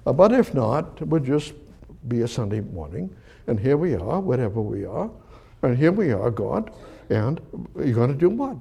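Husky-voiced man preaching, talks to God. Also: mid-range voice, big pitch swings, normal speed, mellow. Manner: talks directly to God in rhetorical questions. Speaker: pastor. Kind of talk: sermon with Bible reading. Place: church service.

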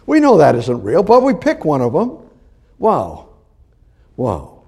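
A man delivering a sermon with a husky, mellow tone. His voice swings widely in pitch as he rambles, repeating himself and restarting sentences. He speaks a little higher than most men. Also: wildly swooping pitch, slow. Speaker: preacher.

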